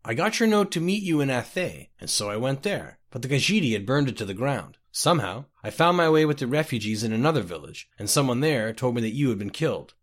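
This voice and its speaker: A man's voice: mid-range voice, very animated, a little fast, few pauses. A man doing a stammering flustered clerk. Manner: stammering, hesitant. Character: flustered, stammering male clerk, earnest and surprised.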